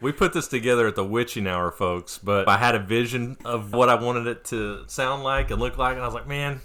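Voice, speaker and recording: A man's voice: mid-range voice, a little fast, pushed and bright. A man hosting a board game podcast, chatting enthusiastically and laughing often. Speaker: podcast host. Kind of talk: casual podcast chat.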